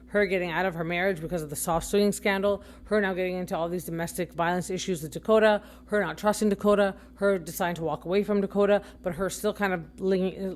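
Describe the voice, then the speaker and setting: Chatty woman with a low voice. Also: a little mellow. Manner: chatty, rambling, frequent self-corrections. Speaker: podcast host. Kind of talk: casual opinion commentary.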